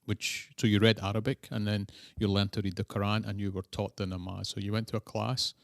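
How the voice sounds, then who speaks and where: Speaking as an interview guest, a man from Scotland rambles through his stories and keeps correcting himself. His voice is fairly low with vocal fry, his delivery brisk and flat. The studio sound is clean, with no echo.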